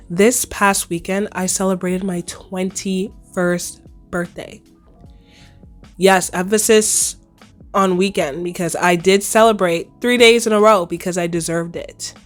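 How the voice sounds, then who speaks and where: A young woman in her twenties hosting her own podcast, casually chatting in a slightly hoarse voice, playful and full of slang. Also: medium pitch. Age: 20s. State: hoarse, recovering lost voice. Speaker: podcast host. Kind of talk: casual solo podcast chat.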